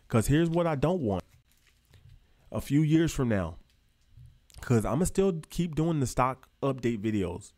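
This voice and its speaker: A man's voice: mid-range voice, a little mellow. A man, running a finance vlog and lecturing his viewers in a preachy, emphatic way, repeating himself, swearing and using casual slang. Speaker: finance YouTuber. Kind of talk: fired-up motivational vlog talk.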